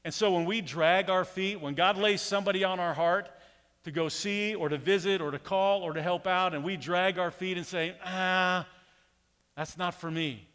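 A man's voice: high-pitched, moderate pace, clear, resonant tone. A man preaching a sermon as a pastor, talking casually and telling a story animatedly. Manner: conversational, animated storytelling with acted quotes. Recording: long hall reverb.

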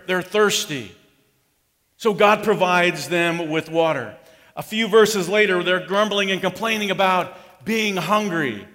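A man's voice: high-pitched, pushed and bright, long reverb tail. A pastor preaching a sermon in a conversational way, acting out the grumbling voices of his congregation. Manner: conversational, acts out the complaints of the crowd.

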